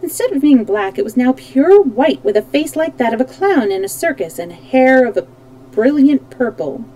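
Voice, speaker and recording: Mellow-voiced woman reading a storybook. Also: high voice, moderate pace, poor audio. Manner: animated, switching voices for characters with small slips. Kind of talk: reading a children's book aloud. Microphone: streaming microphone.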